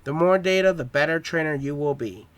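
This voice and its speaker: A man's voice: on the high side, brisk, no room sound, close to an everyday voice. A man reading aloud a homemade story, voicing a blunt, teasing older male professor in a plain reading voice.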